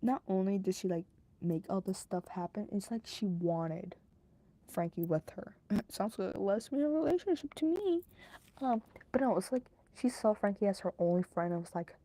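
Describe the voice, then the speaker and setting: A woman's voice: mid-range voice, normal speed, warm tone, dry recording. A young woman hosting a true crime podcast, rambling and joking with lots of fillers and laughs. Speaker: podcast host. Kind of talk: casual true crime commentary.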